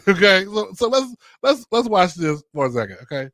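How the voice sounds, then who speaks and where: A man's voice: sits high, sing-song, moderate pace, a bit bright, dry recording, clean studio sound. A man hosting a podcast in casual chat, sassy, flamboyant and playful. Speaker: podcast host.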